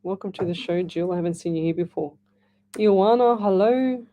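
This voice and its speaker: A woman's voice: fairly low pitch, normal speed, narrow, tinny audio. A middle-aged woman hosting live radio psychic readings, chatting in a rambling way with frequent restarts. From Australia. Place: radio studio.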